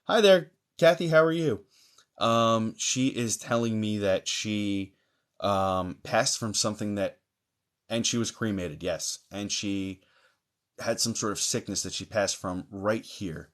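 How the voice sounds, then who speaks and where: A man with a low voice hosts a live mediumship stream. He greets viewers warmly by their usernames and reads chat comments aloud. He talks in a chatty way, full of fillers. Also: measured pace.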